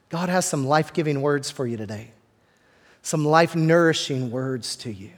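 A man preaching a sermon as pastor, talking in a relaxed, conversational way with repeated words and joking asides to the congregation, in a church. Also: on the high side, moderate pace. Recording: long hall reverb.

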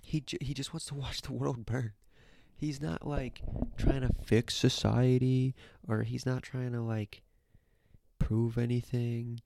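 A man's voice: mid-range voice, steady tone, unhurried, creaky, dark tone, dry recording. A young man streaming, ranting casually into his own mic, swearing, repeating himself and dropping into whispers. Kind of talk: casual rant to chat. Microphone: own desk mic.

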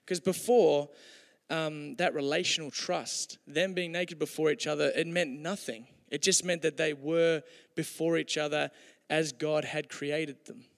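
A man's voice: on the high side, fairly even intonation, measured pace, creaky. Man preaching in an echoing hall. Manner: conversational, humorous, with hesitations. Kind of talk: sermon with storytelling.

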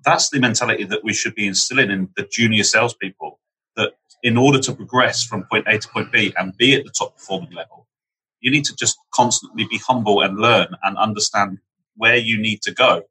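A man's voice: on the low side, brisk, sharp tone, husky, rough recording. A man hosting a podcast interview, reflecting on his points at length and affirming his guest. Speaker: podcast host.

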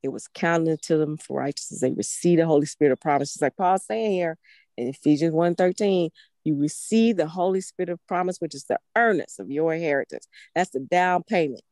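Her voice sits low and darkish as she preaches briskly, with no room sound on the recording. The sermon is fervent and emphatic, full of repeated phrases for stress and punctuated by emotional laughs.

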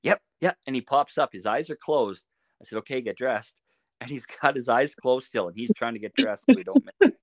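A middle-aged man telling stories in a relaxed, casual way as a podcast guest, often laughing as he talks. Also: mid-range voice, moderate pace, dry recording. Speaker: podcast guest, archery shop owner. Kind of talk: casual storytelling.

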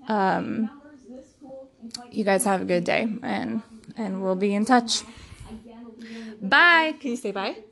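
A young woman with a mid-range, creaky voice hosts a solo podcast. She chats casually and rambles, laughing as she tells stories about her day as a stay-at-home mom.

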